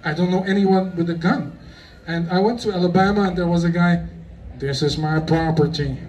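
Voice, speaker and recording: A man's voice: high-pitched, flat delivery, brisk, a little mellow. A man from Germany with a German accent, giving a joking, rambling talk to a live audience at a convention. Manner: joking, rambling, playful asides. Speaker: conference speaker. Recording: distant mic with faint noise.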